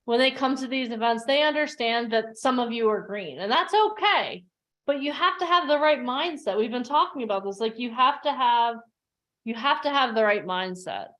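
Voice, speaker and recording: A woman coaching an online workshop over a video call, giving a motivational talk and acting out the voices in her stories. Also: fairly high pitch. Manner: animated storyteller who acts out the voices in her stories.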